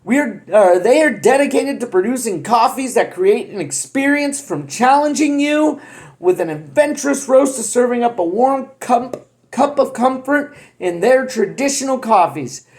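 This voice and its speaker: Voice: mid-range voice, animated, unhurried, a little mellow. Chatty vlogger reading a web blurb aloud. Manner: chatty, corrects own wording mid-sentence; jokey asides while reading. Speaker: coffee review vlogger. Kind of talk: casual vlog, reading a roaster's website aloud.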